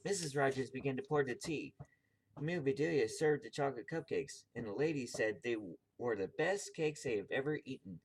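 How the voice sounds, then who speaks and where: A man's voice: mid-range voice, brisk, a little hiss or hum. A man reading a children's picture book aloud, tripping over words and correcting himself. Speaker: video host reading aloud.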